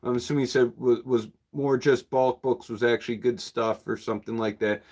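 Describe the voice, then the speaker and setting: A man's voice: mid-range voice, little pitch movement, a little fast, darkish tone. A man who runs a used bookshop, chatting casually and at a rambling pace with viewers on a livestream, chuckling often.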